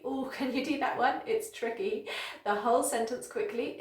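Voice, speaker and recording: Cheerful woman teacher modelling words slowly. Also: a little high, echoey room. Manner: slow, exaggerated modelling of words with encouraging praise. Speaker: English teacher. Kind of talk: pronunciation lesson to camera.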